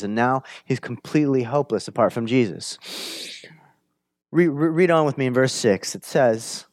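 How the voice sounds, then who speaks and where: A man preaching a sermon, conversational and animated, often asking "right?", swinging from emphatic bursts to hushed lines. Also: no echo. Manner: animated, builds up to emphatic high-energy retelling, drops to hushed low lines. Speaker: pastor.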